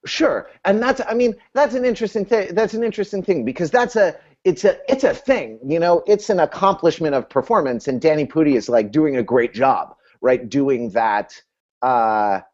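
A man's voice: fairly high pitch, moderate pace, darkish tone, highs cut off. A man hosting a casual analytical discussion over a video call, talking in an academic way with many restarts.

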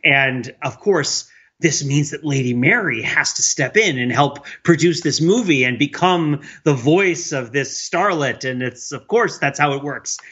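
A man's voice: medium pitch, bright, forceful tone, lo-fi sound. A man chatting casually about a movie, laughing often and restarting his sentences a lot. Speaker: film podcast co-host. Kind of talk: casual chat.

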